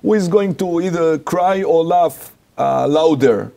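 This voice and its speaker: Appearing as an interview guest, an Israeli-accented rabbi shares a personal story in lively but halting English that isn't his first language. His voice sits a little high and sounds creaky.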